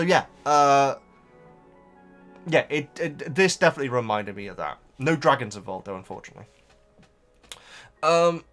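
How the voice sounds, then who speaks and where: A man's voice: a little high, fairly bright tone. A man reading out viewer comments and chatting about them casually, wandering off into tangents and thinking aloud. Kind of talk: casual chat.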